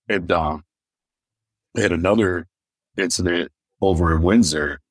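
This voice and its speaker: A stand-up comedian from Michigan telling personal stories in an interview and acting out what other people said. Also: male voice, low voice, moderate pace, no echo. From Michigan, USA. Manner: animated anecdotes, acting out others' lines; deaf in one ear. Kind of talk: storytelling in a podcast interview.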